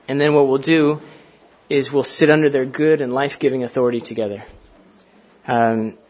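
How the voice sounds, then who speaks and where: A man preaching a sermon to a church congregation, talking in a conversational way with fillers and asides, and reading scripture aloud slowly. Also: medium pitch, steady tone, a little mellow. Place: church sanctuary.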